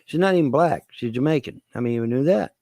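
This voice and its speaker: A man's voice: medium pitch, animated, fast talker, warm tone, dry recording. A man ranting to his viewers as a vlogger, swearing, repeating himself and asking rhetorical questions. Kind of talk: rambling political rant to camera.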